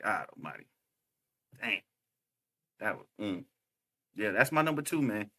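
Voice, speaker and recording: A young man co-hosting a casual podcast chat, excitable and slangy, laughing often and saying "bruh" a lot. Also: on the low side, measured pace. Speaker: podcast co-host.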